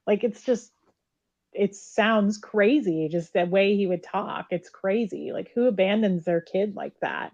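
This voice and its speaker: A woman's voice: mid-range voice, a little slow, darkish tone. A woman on a recorded phone call, speaking candidly and bluntly and swearing freely as she talks about her past. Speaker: caller, former member recounting her past.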